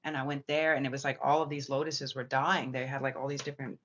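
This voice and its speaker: Spiritual reader, rambling storytelling, profane and excitable, bright tone, slightly dull lo-fi sound. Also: mid-range voice, fast. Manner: profane, excitable, full of filler words. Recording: slightly muffled lo-fi audio.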